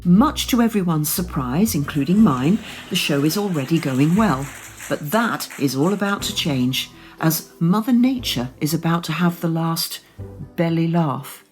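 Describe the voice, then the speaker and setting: A woman doing wry, deadpan comic narration for a radio sitcom. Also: low voice, measured pace, faint music behind.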